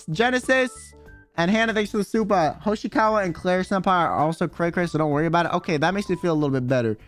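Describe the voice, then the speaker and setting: A young man streaming, telling a funny story in casual chat, excitable and swearing a lot as he acts out what people said. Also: high voice. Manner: excitable, swears a lot, quick quoted voices.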